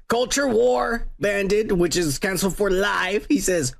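A man's voice: sits high, a little slow, vocal fry. A man from Mexico co-hosting a podcast, bickering and telling stories in casual profane banter. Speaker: podcast co-host.

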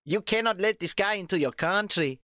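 A man's voice: high-pitched, brisk, sharp tone, no room sound, clean studio sound. A man voicing a mocking, stammering male immigration officer in a sombrero, in an exaggerated sing-song manner.

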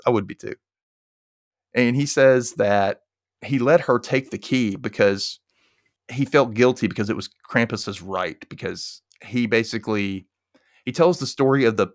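A man with a lowish voice retells a film's story in a loose, chatty way. He slips into quick character voices as he goes. The sound is close and dry. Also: no echo. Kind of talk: casual movie recap.

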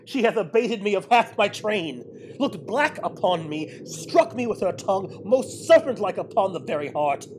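A man's voice: high voice, big pitch swings, moderate pace, a little hiss or hum, low-quality recording. An actor playing an aged, proud and grief-stricken king in an audio drama, swinging from bellowing rage to broken murmurs. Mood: cursing. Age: older.

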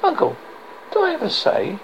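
A man's voice: very high-pitched, wildly swooping pitch, moderate pace, creaky, slight background noise, pitched above the performer's own voice, full character voice, poor audio. A man voicing a scheming, cruel old nobleman in a novel reading, silky and mocking.

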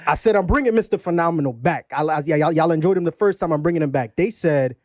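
A man hosting a podcast interview in casual, playful chat, animated and often repeating himself for emphasis. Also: on the high side, fast talker, no echo, studio quality. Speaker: podcast host.

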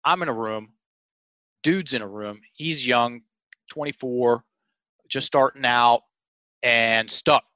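A man's voice: medium pitch, takes it slowly, pauses often, bright, forceful tone, dry recording, low-quality recording. A man talking as a coach in an interview, telling stories emphatically, addressing listeners as folks, with frequent restarts. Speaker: sales and mindset coach. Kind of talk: conversational storytelling interview.

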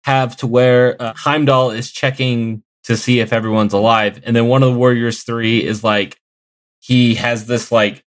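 A man's voice: mid-range voice, flat delivery, a little slow. A young man co-hosting a podcast, retelling a scene in a rambling, casual way with many fillers. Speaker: podcast co-host.

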